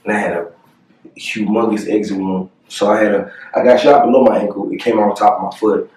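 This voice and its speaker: A young man telling a painful personal story to the camera, earnest and halting, with many fillers and pauses. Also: fairly low pitch, steady tone, darkish tone, recorded from a distance. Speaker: family vlogger. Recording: echoey room, voice a bit off-mic.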